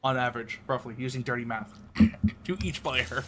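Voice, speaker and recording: A man streaming live, explaining tabletop game rules in a blunt, casual way, swearing and clearing his throat often. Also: medium pitch, expressive, moderate pace, background noise.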